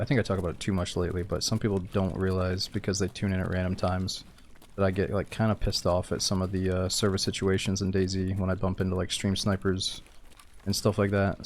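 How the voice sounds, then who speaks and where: A man's voice: low-pitched, a little hiss or hum. A man streaming a game, sleepy and laid-back, rambling casually and saying "dude" a lot. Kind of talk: casual gaming stream chat.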